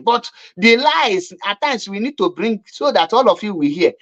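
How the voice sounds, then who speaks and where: A woman with a Nigerian accent delivers commentary in a scornful, repetitive way. Her voice sits at an ordinary middle pitch. The audio is slightly dull and lo-fi. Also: animated, normal speed. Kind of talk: mocking online commentary.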